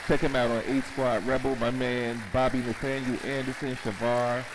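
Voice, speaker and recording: A man's voice: mid-range voice, flat delivery, moderate pace, noisy background. A man with a New Jersey accent hosting a radio show, easygoing as he signs off and thanks listeners. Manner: laid-back, laughs along, signs off. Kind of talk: casual radio chat.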